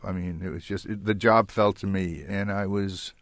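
An older man telling his own story as an interview guest, halting and reflective, with many restarts. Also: low-pitched, fairly even intonation, dry recording, studio quality. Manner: halting and reflective, with frequent restarts and soft laughs. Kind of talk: recounting a personal story in an interview.

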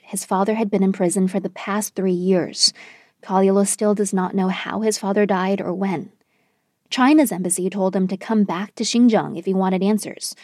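A woman news correspondent reading a scripted report in a measured, even way. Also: medium pitch, no room sound, studio quality.

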